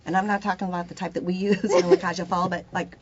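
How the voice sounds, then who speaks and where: A woman's voice: lowish voice, flat delivery, fast. An older woman hosting a casual interview, chatty and joking as she rambles through stories. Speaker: talent manager and host. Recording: dull lo-fi recording.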